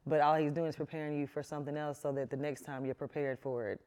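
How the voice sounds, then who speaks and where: A man's voice: fairly high pitch, flat delivery, fast, darkish tone, clean tone. A man hosting a casual conversation, affirming his guest often and speaking openly about his own experiences. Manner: affirming, frequent listening backchannels. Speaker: host.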